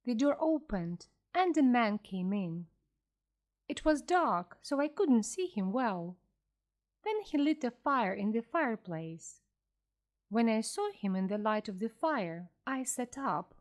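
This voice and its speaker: A woman reading a classic story aloud slowly and clearly for English learners. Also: on the high side. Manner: slow, clear, expressive reading. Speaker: audiobook reader for learners.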